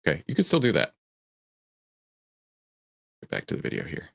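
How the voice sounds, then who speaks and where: Deep-voiced man breaking down a stock chart. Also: huge pitch swings, moderate pace, creaky, husky. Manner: emphatic, repeats "right?" and "okay?". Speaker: host. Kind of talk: stock market commentary over a clip.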